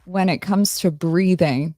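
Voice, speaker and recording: Woman streamer, laid-back and self-mocking; lower voice, dry close sound. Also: measured pace, dry recording, faint music behind. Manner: rambling, relaxed, self-mocking, answers chat. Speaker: live stream host. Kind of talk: casual live-stream chat.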